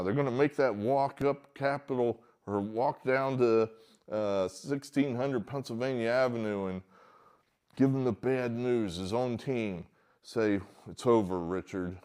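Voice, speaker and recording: A man's voice: mid-range voice, measured pace, darkish tone. A man giving casual, rambling solo political commentary from a barn, hesitant with many fillers and mocking outbursts.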